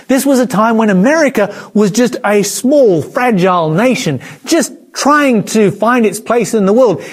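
A man's voice: high-pitched, husky. A man preaching a prophecy sermon, emphatic, with dramatic rises and drops in his voice.

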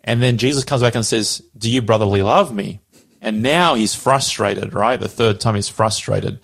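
A man's voice: lowish voice, normal speed, vocal fry, fairly bright tone. A man casually explaining a Bible passage, animatedly acting out the quoted dialogue.

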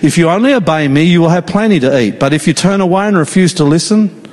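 A man preaching a sermon in an earnest, pleading, slow and emphatic way. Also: a little high, animated, a little mellow. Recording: long reverb of a large hall.

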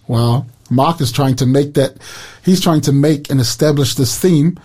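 A man talks through a scripture passage on Christian radio. His voice is fairly high but mellow and husky. He talks in an earnest, animated way and gives quoted lines extra emphasis. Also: a little slow. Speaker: radio Bible teacher. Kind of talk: Bible study chat on Christian radio.

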